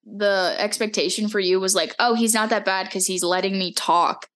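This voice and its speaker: A woman's voice: medium pitch, fairly even intonation, normal speed, fairly bright tone. A young woman co-hosting a podcast, reacting to her friend's story in casual chat with laughs and disbelief. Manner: reacts with laughter, incredulous remarks. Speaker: podcast co-host.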